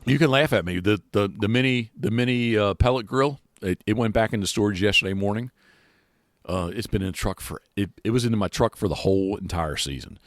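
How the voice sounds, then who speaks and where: Male podcast host, deep and dry-miked, loose rambling chat full of restarts. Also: fairly quick, no room sound. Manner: rambling, many restarts and fillers. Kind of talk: casual chat. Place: outdoors.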